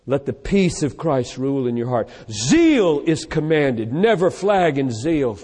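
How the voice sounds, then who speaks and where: A man's voice: medium pitch, husky, in a large hall. A man preaching a sermon with emphatic delivery, listing scripture verses one after another. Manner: emphatic, animated, cites scripture in rapid lists.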